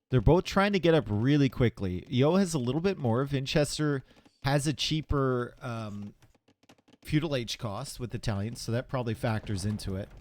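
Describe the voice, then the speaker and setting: A man commentating a live strategy game tournament in a laid-back, chatty way. His voice sits at an ordinary middle pitch, and he drifts between play analysis and talk with his viewers. He is recorded on a desk microphone in a home streaming setup. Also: a little mellow. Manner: casual, chatty, talks to chat between plays. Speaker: tournament caster.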